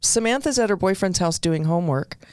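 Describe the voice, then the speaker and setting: Woman in her 40s, casual storytelling, lively swings in pitch, dry close sound, acts out quotes. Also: a little fast, smooth, no room sound. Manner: animated, swearing, acting out quotes. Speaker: podcast co-host.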